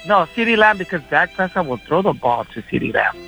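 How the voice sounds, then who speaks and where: High bright-voiced guy on sports radio, eager and pumped, fiddle music faint behind. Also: animated, fast talker, vocal fry, rough recording. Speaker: caller making picks. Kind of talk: casual sports radio chat.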